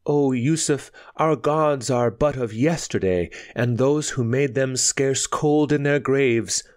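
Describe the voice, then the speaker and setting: A man's voice: medium pitch, slow pace, a little mellow, voice pushed up, close to an everyday voice. A man reading a storybook aloud, voicing a bold, defiant young dancer woman who speaks scornfully and insistently.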